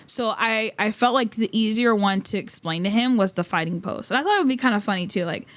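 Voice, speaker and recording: A woman's voice: mid-range voice, expressive, fast, dry recording. Giggly young woman rambling casually. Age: 20s. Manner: giggly, laughs often mid-sentence; rambling with many fillers. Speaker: podcast host. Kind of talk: casual storytelling chat.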